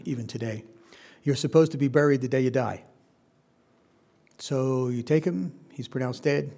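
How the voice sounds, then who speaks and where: A man's voice: mid-range voice, gravelly, darkish tone, slightly rough. A man preaching a conversational Bible-teaching sermon, putting questions to his listeners. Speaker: pastor.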